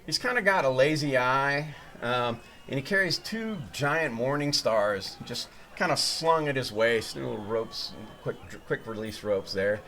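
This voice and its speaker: A man narrating a tabletop game as game master, at an ordinary middle pitch. He talks loosely and rambles, filling gaps with "um" and "uh" as he sets the scene. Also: lively intonation, unhurried, bright, forceful tone. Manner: rambling, loose, with many fillers.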